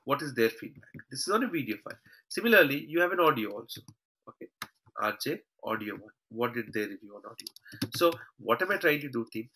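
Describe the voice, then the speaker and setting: Teaching live online via screen share, this trainer speaks fast in a sing-song, sharp, husky voice of medium pitch, and the audio is poor. He addresses students as "team" and punctuates his points with "okay" and "all right".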